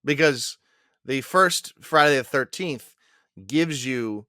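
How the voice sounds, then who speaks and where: Male podcast co-host, bright forward voice, blunt and profane, dry booth sound. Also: mid-range voice, slow, no echo. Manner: blunt, swears freely, emphatic complaints. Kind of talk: casual chat.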